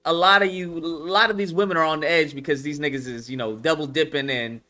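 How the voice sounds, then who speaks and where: A man giving casual commentary, animated and profane, repeating his points. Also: a little high, fast talker. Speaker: online commentator.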